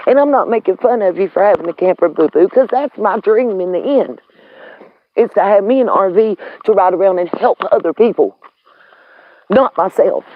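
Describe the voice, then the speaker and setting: A woman's voice: mid-range voice, lively intonation, normal speed. A woman hosting a live stream, ranting angrily with heated, profane slang while on the road. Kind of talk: angry live stream rant. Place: in a vehicle on the road. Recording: tinny phone-like audio.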